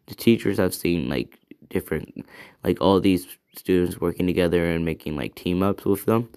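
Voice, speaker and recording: A man with a very low voice and a gravelly, creaky edge spins a fan story off the cuff. He rambles casually, pausing to think aloud and backtracking to fix his own details. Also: mellow. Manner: rambling, thinks aloud, corrects himself often.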